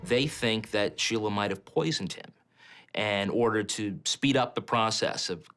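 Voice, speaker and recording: A man's voice: on the low side, measured pace, fairly bright tone, slight background noise. Matter-of-fact male journalist. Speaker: local journalist interviewee. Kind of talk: documentary interview. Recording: music bed under the voice.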